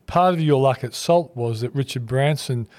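A man's voice: mid-range voice, moderate pace, a little mellow. A man hosting a podcast, putting a follow-up question to his guest in a conversational way, with a hesitant start. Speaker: podcast host. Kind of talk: interviewer prompting a guest.

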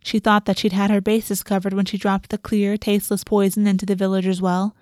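Brief: female storybook narrator; even, steady delivery; mid pitch; dry recording. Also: no room sound.

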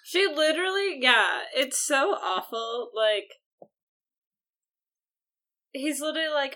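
A woman's voice: sits high, expressive, slow, pauses often, sharp tone. A young woman co-hosting a podcast, mocking a book's characters in indignant casual chat. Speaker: podcast co-host. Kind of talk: casual book-recap chat.

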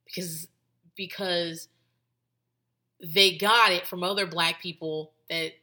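A woman's voice: lowish voice, fairly even intonation, takes it slowly, pushed and bright. A woman hosting a podcast in casual chat, talking in a loose, rambling way full of "like" and restarts and swearing freely. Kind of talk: casual commentary.

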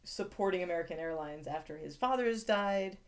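A woman's voice: lowish voice, a little fast. Chatty woman recapping TV. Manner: chatty, many fillers and restarts, reads summaries aloud. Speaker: podcast co-host. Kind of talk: casual TV recap chat.

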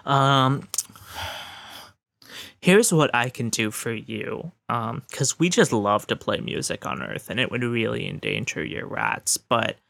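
Gravelly, hesitant man in improv comedy. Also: mid-range voice, bright, forceful tone, dry recording. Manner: polite and hesitant, full of ums and restatements. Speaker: improv scene partner playing an Earth negotiator.

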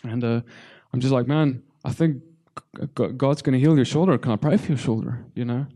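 A man preaching a personal testimony sermon to a congregation, halting and repeating words as he speaks, his voice tearful. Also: mid-range voice, warm tone.

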